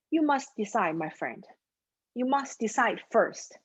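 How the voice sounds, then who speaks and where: A woman coach tells a story and then speaks straight to her viewers in an earnest, encouraging way. Her voice is fairly high and a little husky. The recording sounds dull and lo-fi. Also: sing-song, measured pace. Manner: earnest, storytelling, direct address. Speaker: mindset coach.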